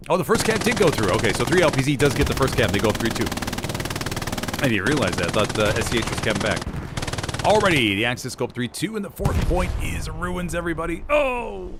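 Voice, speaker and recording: A man doing live play-by-play commentary on a competitive shooter match, lively and prone to sudden exclamations. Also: mid-range voice, quick pace, noisy background. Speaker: competitive game caster. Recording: game gunfire and artillery clearly heard behind. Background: game gunfire and explosions.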